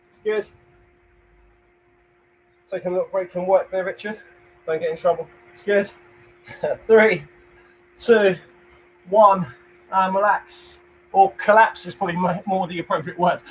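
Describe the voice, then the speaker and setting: In a rough recording with a faint hum, an energetic young instructor with a London accent guides a home workout, his voice pitched high for a man. He speaks a little slowly with long pauses, counting reps, encouraging viewers and dropping jokey asides.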